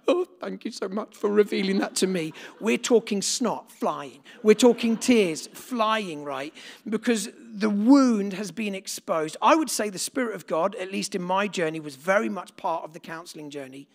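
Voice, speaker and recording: A man's voice: sits high, animated, moderate pace, creaky. A man preaching a sermon to a live congregation in a conversational way, putting questions to the room. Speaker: pastor. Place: church gathering with live congregation.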